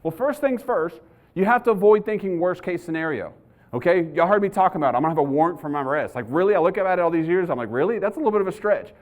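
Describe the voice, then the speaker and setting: Speaking to a live audience in a university lecture hall, a middle-aged police trainer weaves stories into his training session, dramatizing his own panic in a conversational way. His voice sits high, expressive and quick.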